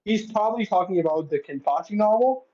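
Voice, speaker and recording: A man with a dark, husky voice explains things hesitantly, unsure of his facts. His voice comes through dull and lo-fi. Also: sits high, lively intonation, a little fast. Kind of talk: casual discussion. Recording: dull lo-fi sound.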